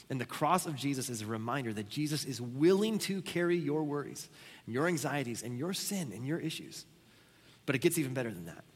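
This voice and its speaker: A man preaching a sermon as pastor, telling stories with sudden loud exclamations. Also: a little high. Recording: long reverb of a large hall.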